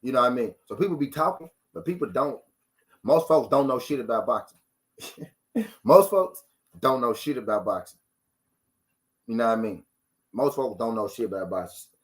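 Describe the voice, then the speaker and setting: A man's voice: mid-range voice, animated, normal speed, pauses often. A man hosting a boxing talk stream, ranting casually to his viewers with profanity, rhetorical questions and lines repeated for emphasis.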